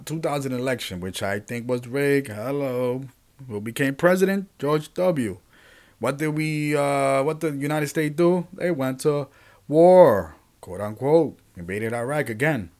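A man hosting a podcast alone, holding forth in a loose, rambling monologue. He talks animatedly, keeps restarting his sentences and turns to address his listeners directly. His voice sits at an ordinary middle pitch for a man. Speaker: podcast host.

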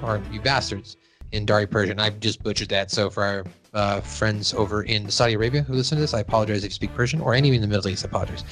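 A man's voice: on the low side, steady tone, very fast, fairly bright tone, soft background music. A man hosting a casual podcast, joking around, plugging a sponsor and recapping a cartoon episode. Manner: loose, joking, reads sponsor plugs. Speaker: podcast host.

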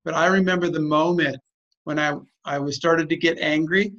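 A man's voice: fairly high pitch, steady tone, moderate pace, fairly bright tone, lo-fi sound. A man leading a group call, talking in a direct, blunt and emphatic way as he coaches the participants. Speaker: group facilitator.

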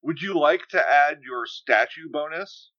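A man running a tabletop game as game master, narrating in a playful, deadpan way. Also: on the high side, a little slow, dry recording. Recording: slightly dull, dry sound.

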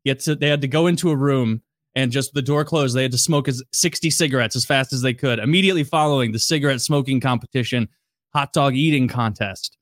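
A man telling a story in casual podcast chat, animated and profane, laughing as he goes. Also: medium pitch, fast talker, no echo, clean studio sound. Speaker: podcast host.

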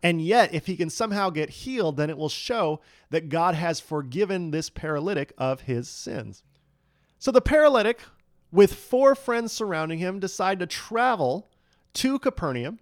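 A man preaching a sermon, his voice sitting a little high for a man. He tells the story with big swings between loud peaks and hushed lines. The sound is dry and close, with almost no room echo. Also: very animated, moderate pace. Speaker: pastor. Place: church hall.

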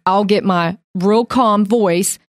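A woman's voice: medium pitch, slow pace, no echo, studio quality. A woman co-hosting a faith podcast, earnest and storytelling. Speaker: podcast host. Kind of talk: casual Bible discussion.

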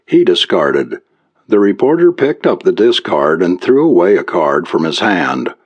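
A man narrating an audiobook in a measured, expressive reading. His voice sits very low yet moves in lively swings of pitch. He lets descriptive passages unfold at a steady storytelling pace. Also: husky, muffled recording.

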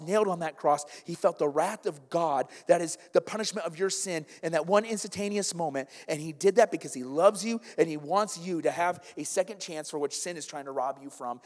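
A male pastor preaching a sermon, swinging from loud, urgent calls to hushed intensity. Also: high voice. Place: church sanctuary. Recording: long church reverb with faint music.

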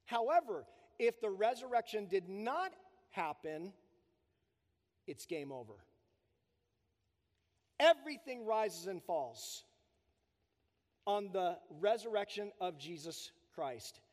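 Male pastor, high voice, extreme and emphatic sermon delivery, reverberant sanctuary sound. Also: big pitch swings, slow, long pauses. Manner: emphatic, preaching with strong build-ups and drops. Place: church sanctuary. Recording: long reverb of a church hall.

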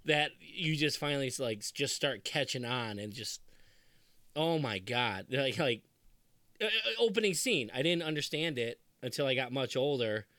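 A man in his thirties talks in a casual podcast chat at an average pitch, close to a dry microphone with no room sound. He is animated, laughs easily, and slips into put-on voices to quote scenes. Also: normal speed, no room sound. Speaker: podcast co-host.

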